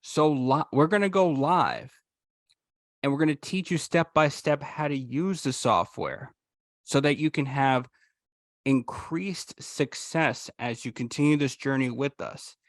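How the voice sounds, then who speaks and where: A man hosting a live video call, giving an energetic, emphatic sales pitch for a trading course. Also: measured pace, no echo, clean studio sound. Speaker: host presenting a trading course.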